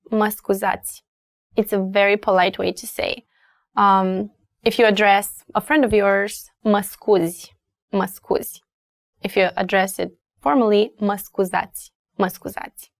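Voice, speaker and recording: A woman with a Romanian accent, a native speaker, teaching phrases in an unhurried lesson. She explains carefully and repeats each word slowly. Her voice sits at an ordinary middle pitch and is recorded close and dry, with no room echo. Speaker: language teacher. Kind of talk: language lesson.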